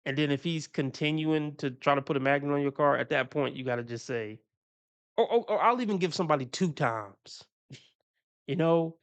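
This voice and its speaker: Laid-back profane man with a gravelly voice. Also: a little high, normal speed. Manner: loose, profane, laughs often, talks through his opinions. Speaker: streamer reacting to videos. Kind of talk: casual reaction commentary.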